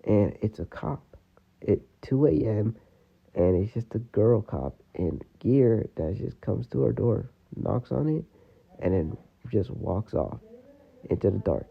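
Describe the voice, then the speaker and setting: A man's voice: on the low side, animated, slow, gravelly, breathy edge. A man telling a personal story in a casual, rambling way, full of fillers. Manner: rambling, full of "you know" and "like". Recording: tinny phone-like audio.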